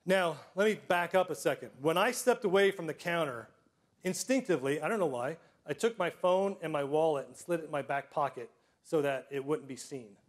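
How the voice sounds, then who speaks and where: Middle-aged guy telling self-deprecating stories, acts out scenes, kinda high voice. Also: brisk. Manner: frequent throat clearing. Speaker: storyteller. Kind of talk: personal storytelling to a live audience.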